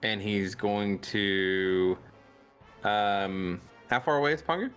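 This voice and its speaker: A man at a tabletop game table, fairly low-pitched for his talk yet animated. He describes his character's actions with jokes and enthusiasm, talking casually to the group. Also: takes it slowly, soft background music. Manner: playful, jokey, animated when describing his moves. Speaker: player.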